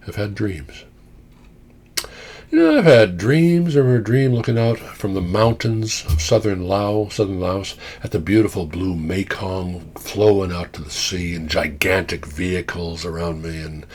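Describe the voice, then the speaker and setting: A man giving an informal psychology lecture, animated, with wry asides and frequent "okay?" check-ins. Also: low voice, slight background noise.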